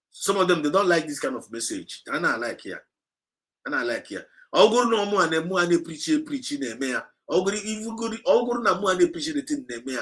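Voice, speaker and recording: A man with an Igbo accent preaches on a livestream in a forceful, bright voice that sits a little high. He exhorts and repeats himself, moving back and forth between English and Igbo. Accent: Nigerian Igbo. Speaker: movement speaker.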